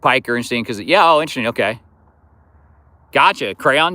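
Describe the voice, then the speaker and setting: Speaking fast with a bright, forceful, expressive medium-pitched voice and no room sound, a man runs a fishing livestream. He chats casually, rambling and dropping lots of "you know" fillers as he responds to viewers.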